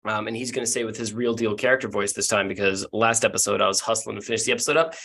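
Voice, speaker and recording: A man's voice: on the low side, rapid-fire, pushed and bright. A man running a tabletop game as game master, joking loosely with his players. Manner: jokey, loose, easygoing.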